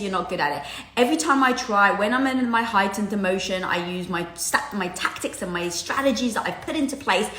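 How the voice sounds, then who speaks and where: A woman hosting a live video, giving casual motivational talk in a candid, animated way with lots of fillers and casual swearing. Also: fairly high pitch. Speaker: host of a live social media video. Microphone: headset or phone mic. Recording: echoey room sound.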